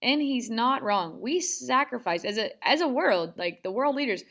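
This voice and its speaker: A woman's voice: fairly high pitch, animated, normal speed, a bit bright. A young woman teaching a casual history lesson, chatty and sarcastic, acting out quotes in playful voices.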